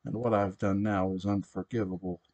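A man reading aloud, voicing a frantic, guilt-stricken young woman who pleads hysterically in a low voice. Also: level tone, brisk, darkish tone, highs cut off. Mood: anguished.

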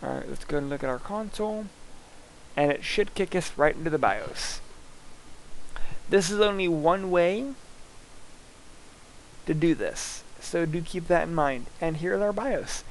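A man instructor talking casually through a screen-recorded software lab, thinking aloud as he clicks through each step. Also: on the high side, lively intonation, measured pace, pauses often, a little hiss or hum, low-quality recording.

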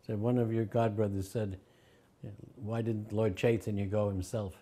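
A man's voice: lowish voice, flat delivery, moderate pace, mellow. An older man recalling his teacher in an interview, telling anecdotes and acting out the quoted voices with a chuckle.

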